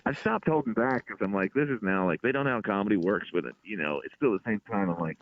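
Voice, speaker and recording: A man, a comedian being interviewed, telling stories in an exasperated, animated way. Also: fairly low pitch, normal speed. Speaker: comedian guest. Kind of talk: casual interview chat. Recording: tinny phone-like line.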